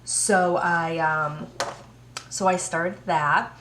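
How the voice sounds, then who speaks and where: An American woman hosting a podcast from home, chatting casually in an unhurried, rambling way with many fillers. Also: fairly low pitch, fairly even intonation, a bit bright, echoey room, slight background noise. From United States. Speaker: podcast host. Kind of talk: casual knitting podcast chat.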